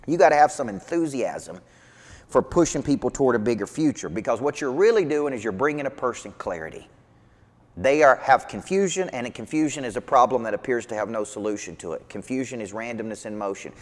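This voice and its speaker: A man giving an energetic motivational sales talk as a business coach, emphatic and repetitive. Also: medium pitch, a little fast. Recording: long hall reverb.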